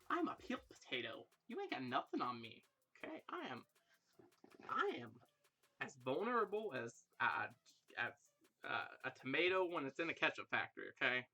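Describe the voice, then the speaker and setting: Young man, livestream host, casual chat, self-deprecating, gravelly voice, faint music. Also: medium pitch, bright, forceful tone. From Ireland. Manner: self-deprecating, rambling, jokey. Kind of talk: casual live chat with viewers.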